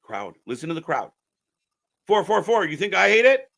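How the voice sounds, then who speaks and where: A man ranting on a live stream as a wrestling commentator, profane and mocking, swinging between muttering and shouting. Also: sits high, very animated, moderate pace, vocal fry.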